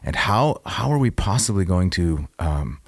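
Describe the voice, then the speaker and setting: A man co-hosting a podcast, explaining a text in a measured, scholarly way in casual discussion. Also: low voice, very animated, no room sound. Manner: measured, explanatory, reads out texts aloud. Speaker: podcast co-host.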